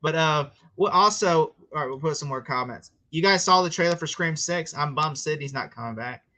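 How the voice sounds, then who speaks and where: American male host, bright, slightly high voice, chatty rambling style, acts out quotes. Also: a little fast, low-quality recording. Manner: rambling, chatty, laughing asides and acted-out quotes. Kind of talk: casual livestream chat.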